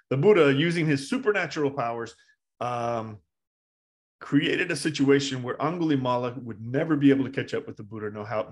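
A male Zen teacher tells a story in a relaxed dharma talk, at a middle pitch. He rambles, pausing on "uh" and restarting his sentences as he goes. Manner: casual, rambling, with frequent uh and restarts.

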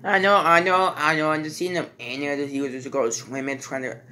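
Bright, halting man rambling a review. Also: a little high, flat delivery, slight background noise. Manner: halting, repeats "and then" often, restarts sentences. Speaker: movie reviewer. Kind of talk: casual rambling movie review.

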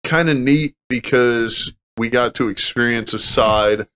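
A man of middle pitch chats casually as a host, throwing in dry jokes and laughing along. A faint noise sits under his voice. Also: fairly bright tone. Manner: quick joking interjections, laughs along. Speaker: veteran podcast host. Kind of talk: casual chat.

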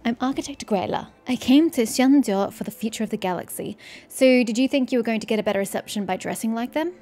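A woman's voice: on the high side, fast talker, dark tone, close to an everyday voice. A woman reading the lines of a scornful architect in a video game aloud, in a disdainful, lecturing way. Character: scornful architect who despises old officials.

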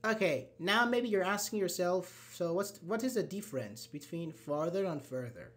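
A man's voice: high voice, expressive, normal speed. Interactive English grammar teacher, man. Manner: interactive, prompts students with questions and uh-huhs. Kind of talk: live online grammar lesson.

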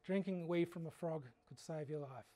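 An Australian man teaching a frog identification workshop in a fairly high voice. He tells humorous, animated stories between his explanations of frog habits. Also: normal speed. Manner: animated anecdotal storytelling. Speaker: frog educator. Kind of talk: workshop lecture.

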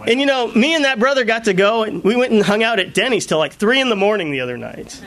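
A male pastor preaching a sermon, telling personal stories in an animated way and laughing often. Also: sits high, fast. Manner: animated storytelling with frequent laughter.

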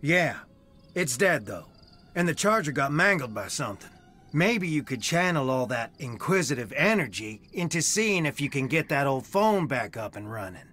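A man's voice: mid-range voice, very animated, normal speed, sharp tone, faint music behind. An actor playing a tired young man, a missing girl's fiancé, in a game. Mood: weary. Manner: weary, wry.

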